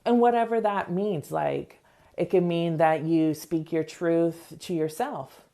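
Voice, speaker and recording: A woman's voice: fairly low pitch, mellow. A middle-aged woman hosting a self-help podcast, speaking earnestly in a motivational talk and acting out short examples. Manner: earnest, acts out quick examples in voices. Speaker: podcast host.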